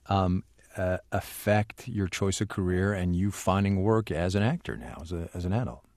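A man's voice: sits low, normal speed, darkish tone, dry recording, studio quality. A man hosting an interview, asking casual prompting questions. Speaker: interviewer host. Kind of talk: conversational interview.

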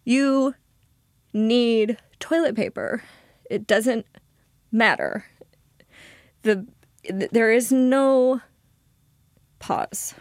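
A woman guest telling a personal story in an interview, halting and emotional, with frequent restarts. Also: a little high, a little mellow, dry recording, clean studio sound.

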